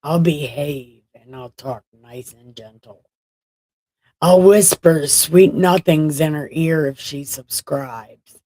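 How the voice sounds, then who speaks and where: A woman's voice: deep voice, takes it slowly, mellow, no echo. A tired woman hosting a late-night livestream, rambling and joking as she chats with her viewers. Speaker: livestream host.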